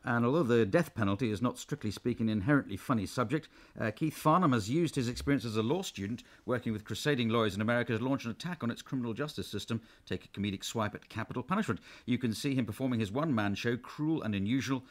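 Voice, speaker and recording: A man introducing a guest as a radio presenter in a brisk, scripted way. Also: mid-range voice.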